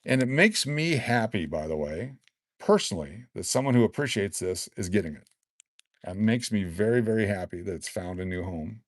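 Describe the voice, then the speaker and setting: A man in his sixties hosting a casual live stream, excitedly reading out collectible cards and rambling into stories. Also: lowish voice, moderate pace, no room sound. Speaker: livestream host giving away collectible cards.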